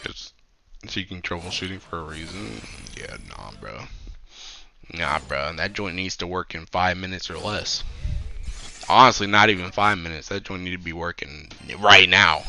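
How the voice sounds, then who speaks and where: A man's voice: sits low, moderate pace, vocal fry, pushed and bright, soft background music. A young man streaming, ranting about tech support in a loose, slangy, exasperated way. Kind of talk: casual chat.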